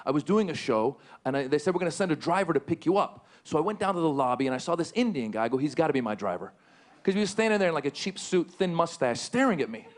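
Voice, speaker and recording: Animated middle-aged male stand-up comic. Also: fast, hardly any pauses. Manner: animated, jumps into shouted high-pitched bits for jokes. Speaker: stand-up comedian. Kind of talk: stand-up comedy set. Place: large theater stage with a live audience.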